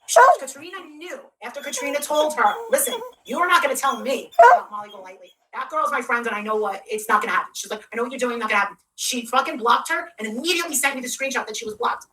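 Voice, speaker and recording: Woman, high bright voice, heated profane rant, quoting others in put-on voices, a little off-mic, faint noise behind. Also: expressive, fast, few pauses, distant mic, rough recording. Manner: heated, profane, acts out quotes with shifting voices. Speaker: creator telling a story to her audience. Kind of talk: ranting storytime.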